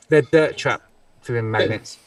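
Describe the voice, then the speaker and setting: A man's voice: mid-range voice, slow pace, far from the mic, a little hiss or hum. A man on a live panel stream, giving blunt, matter-of-fact opinions. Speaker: panel guest. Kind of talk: casual live-stream chat.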